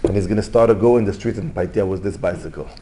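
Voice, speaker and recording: A rabbi giving an informal Torah lesson, telling stories in lively, non-native English. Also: male voice, low voice, quick pace, background noise. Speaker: rabbi teaching a class.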